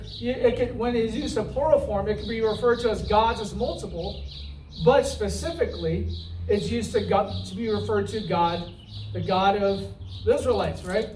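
Male preacher, very high voice, conversational sermon, recorded from a distance. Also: a little hiss or hum. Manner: conversational, asks the room "right?"; acts out the Israelites' complaints in a whiny voice. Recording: roomy, from far off the mic.

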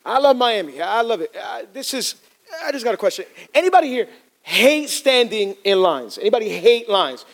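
A man preaching to a congregation as pastor, telling funny stories in an animated way. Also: sits high, moderate pace, creaky. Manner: humorous, animated storytelling to a congregation. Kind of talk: sermon. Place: church in front of a congregation.

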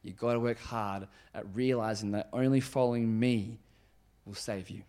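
A man's voice: steady tone, moderate pace, warm tone, clear, resonant tone. Man preaching a conversational sermon. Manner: conversational, emphatic, drops low on serious points. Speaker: pastor.

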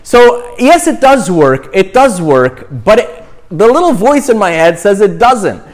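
A man's voice: high voice, big pitch swings, a little slow. A man, a young priest, giving an informal, chatty talk on prayer, often checking in with "right?" and "you know".

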